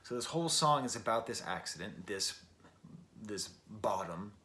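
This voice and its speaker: A man's voice: medium pitch, animated, brisk, bright, forceful tone. Chatty American man reviewing an album. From Western New York, USA. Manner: rambling and chatty, with frequent self-corrections and wry asides. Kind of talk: casual spoken album review.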